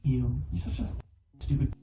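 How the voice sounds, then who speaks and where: A woman's voice: extremely low pitch, expressive, moderate pace, soft background music. A woman ranting mockingly in a played clip, sarcastic and swearing, with exaggerated fake crying. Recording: distant, roomy, dull played-back clip.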